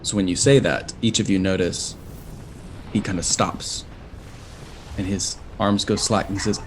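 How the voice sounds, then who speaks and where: A man's voice: low-pitched, fairly even intonation, unhurried, pauses often, slight background noise. A man narrating a tabletop role-playing game as game master, in a descriptive storytelling manner.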